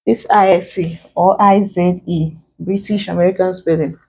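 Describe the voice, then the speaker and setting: A woman's voice: fairly low pitch, fairly even intonation, darkish tone, slight background noise, rough recording. A woman with a Nigerian accent teaching an exam-prep lesson, spelling out letters and breaking words into syllables step by step. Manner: slow and deliberate, spelling out letters.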